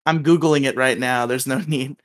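A man's voice: mid-range voice, fairly even intonation, normal speed. A man hosting a podcast in casual chat, upbeat and joking, laughing often. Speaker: podcast host.

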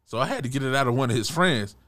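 Animated young man telling a story. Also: mid-range voice, racing. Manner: animated, stumbling restarts, chuckling asides. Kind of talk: casual storytime retelling.

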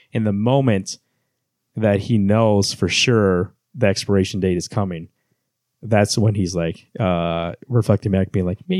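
A man's voice: on the low side, a little mellow, no room sound, studio quality. A man co-hosting a casual book club podcast, retelling scenes and reading passages aloud with many fillers. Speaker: podcast co-host.

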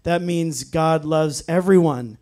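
Earnest male pastor preaching slowly. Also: on the high side, darkish tone. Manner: earnest, emphatic, slows down on key phrases. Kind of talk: sermon.

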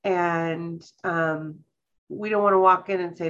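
A woman co-hosting a podcast in casual chat, talking slowly and thoughtfully and reading passages aloud with care. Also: fairly low pitch, steady tone, fairly bright tone, lo-fi sound. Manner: slow, thoughtful, reads passages aloud carefully. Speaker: podcast co-host.

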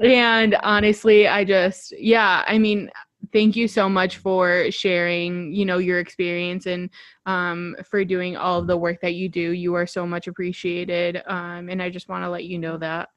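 A young woman in her twenties hosts a casual podcast and chats warmly with her guest. Her talk is full of ums and you-knows, gushing and thankful, recorded close and dry with no room sound. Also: on the low side, flat delivery, a little slow, dry recording, highs cut off. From Chicago, USA. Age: 20s. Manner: gushing, heavy fillers like um and you know. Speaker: podcast host.

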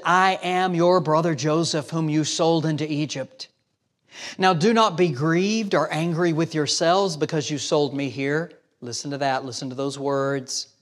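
A pastor in full sermon, a man whose voice sits high and climbs higher when he presses his point. He reads scripture aloud and slips into quick imagined voices to make it land. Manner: emphatic preaching, acts out imagined voices.

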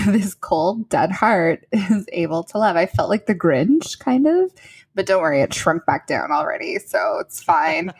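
A woman's voice: on the low side, lively intonation, unhurried, breathy edge. A woman in casual chat, telling a story with frequent laughter and many filler words.

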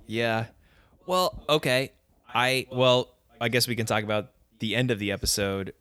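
A man's voice: medium pitch, measured pace, a bit bright, smooth. A man co-hosting a podcast, recapping events in casual chat and laughing easily. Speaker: podcast co-host.

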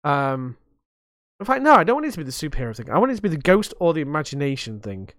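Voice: mid-range voice, big pitch swings, fast, fairly bright tone, dry recording, clean studio sound. A young adult podcast host chatting casually, rambling and swearing freely with a self-mocking streak.

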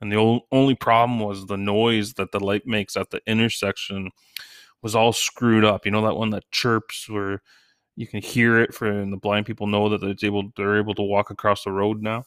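A man's voice: flat delivery, normal speed, clear, resonant tone, no echo, clean studio sound. A middle-aged man from Canada telling crude comic stories in a casual way, with his children and everyday mishaps as material. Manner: crude, joking, acts out quoted lines in a high shouting voice. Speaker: stand-up comedian. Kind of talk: casual comedic storytelling.

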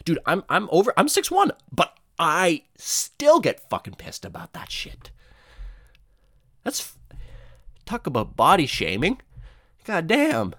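Rambling, profane young man with a lively voice. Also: slow pace, long pauses, dry recording, studio quality. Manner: rambling, profane, animated, jumps into high-pitched voices for quoted people. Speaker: comedian. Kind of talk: comedic monologue.

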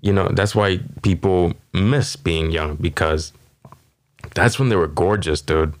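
A man's voice: deep voice, measured pace. A man hosting a comedy podcast, riffing casually with a rambling, profane delivery full of fillers. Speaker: podcast host.

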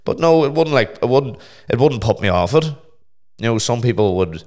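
A man's voice: mid-range voice, animated, normal speed, a little mellow. A young man, talking in a laid-back casual chat and swearing freely.

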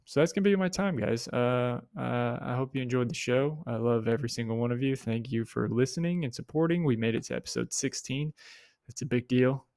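A man's voice: a little mellow, dry recording. Casual young man hosting a podcast, dry. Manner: rambling, swears casually, mimics people in high voices. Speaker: podcast host. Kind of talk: casual solo podcast monologue.

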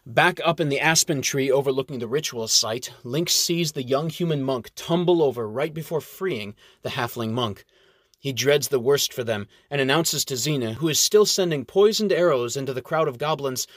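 A man narrates a fantasy audiobook in a steady, measured way at a mid-range pitch. The recording is dry and close, with no room sound. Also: dry recording.

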